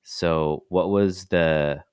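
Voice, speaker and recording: A man hosting a podcast interview, asking measured, probing questions. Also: low-pitched, steady tone, darkish tone, smooth. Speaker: podcast host.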